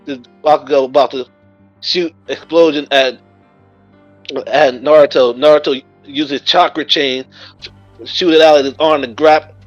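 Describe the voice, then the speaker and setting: A man's voice: fairly high pitch, steady tone, measured pace, long pauses, no room sound, soft background music. A man casually narrating a fan-made story in a loose, chuckling way, on a muffled recording. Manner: loose, chuckling, with many restarts. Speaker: guest storyteller.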